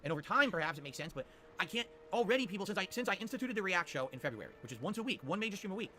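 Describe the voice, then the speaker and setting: Man, streamer, opinionated chat replies, rapid, slightly high, bright forceful tone. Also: very animated, a little hiss or hum. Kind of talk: livestream chat reply.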